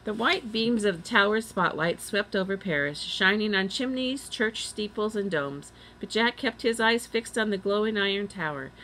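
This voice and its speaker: A woman reading a children's chapter book aloud, doing the children's lines a little higher. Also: normal speed, hardly any pauses, a bit bright, slight background noise, poor audio. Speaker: reader. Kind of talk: storybook read-aloud.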